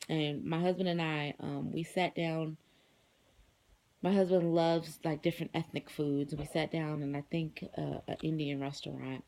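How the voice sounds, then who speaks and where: Married mom vlogging, low voice w/ lots of fry, chatty and full of "um"s and "like"s. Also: female voice, little pitch movement, moderate pace, darkish tone. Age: adult, married with children. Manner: chatty, rambling, many fillers. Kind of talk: casual personal vlog.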